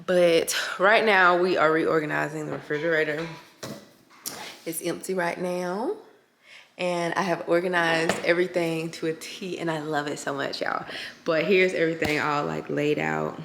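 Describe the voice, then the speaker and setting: Recorded in an echoey room at home with slight background noise, a tired woman vlogs casually to camera, addressing her viewers as y'all and friend. Her low voice is steady and a bit bright, with vocal fry, at a moderate pace.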